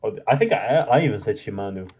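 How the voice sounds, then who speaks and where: A man hosting a live manga reaction, excitable and slangy as he reads and comments. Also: fairly low pitch, fast, husky, muffled recording.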